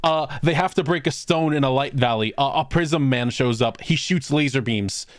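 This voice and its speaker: A man's voice: mid-range voice, moderate pace. A man co-hosting a podcast, recapping an anime with laughter and exaggerated quoted lines. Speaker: podcast co-host. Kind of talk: casual chat recapping an anime.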